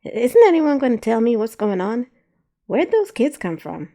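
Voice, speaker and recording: A chatty female possum who gossips loudly and flirts, as a woman puts her on. Her voice sits brighter and higher than the narration, in a storybook reading. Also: very animated, moderate pace. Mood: pouty.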